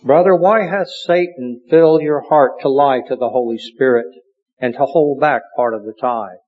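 Preacher voicing a stern priest, slow and grave, muffled recording. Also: male voice, medium pitch, long reverb tail, lightly acted. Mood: stern rebuke. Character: stern male temple priest, judging. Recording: dull lo-fi recording.

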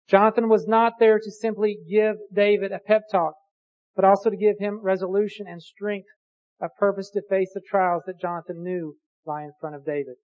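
A preacher giving a sermon, reading scripture aloud slowly and deliberately and posing rhetorical questions. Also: mid-range voice, darkish tone, highs cut off.

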